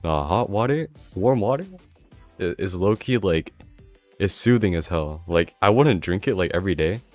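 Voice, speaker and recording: A young man reading a visual novel on stream, chatting in a laid-back, slangy way and laughing often, a little rough from a lingering cough. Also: deep voice, expressive, normal speed, soft background music. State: recovering from a cough. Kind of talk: casual live commentary.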